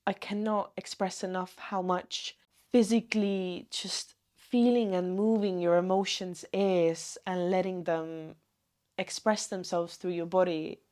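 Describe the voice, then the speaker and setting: A woman talking to camera in a personal vlog, gentle and earnest, with meandering sentences. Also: lowish voice. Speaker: vlogger.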